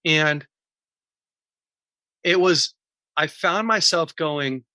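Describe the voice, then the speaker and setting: Interview guest, male, bright and forward tone, candid, walks through his process step by step. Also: on the high side, drawn-out words, dry recording. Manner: earnest, teaching in numbered steps; candid and emotional about personal pain. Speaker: podcast guest, recovery coach. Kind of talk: podcast interview.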